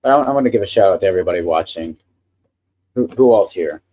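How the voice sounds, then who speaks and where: A man's voice: deep voice, expressive, fast, dark tone, husky. A man hosting a casual live stream, chatting with enthusiasm about the printer he is handling. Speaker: livestream host.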